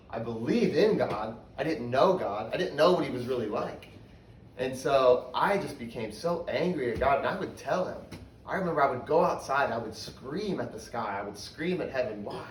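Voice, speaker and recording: A man's voice: mid-range voice, lively intonation, fairly quick, a little hiss or hum. Man telling his story in a roomy hall. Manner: candid, storytelling, drops to a hushed voice for hard memories. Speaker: speaker giving a testimony. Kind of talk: personal testimony sermon. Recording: roomy, from a distance, faint ambience.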